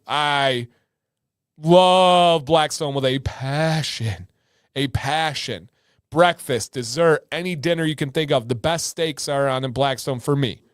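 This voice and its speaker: A man hosting a livestream in casual chat, energetic and talkative, often repeating words for emphasis. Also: on the high side, clean tone, dry recording, studio quality. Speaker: livestream host.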